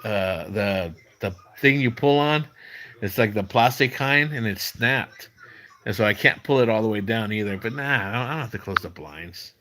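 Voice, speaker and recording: Middle-aged male streamer, bright voice, rambling casual chat, lots of restarts and fillers. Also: fairly low pitch, animated, normal speed. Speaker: livestream host.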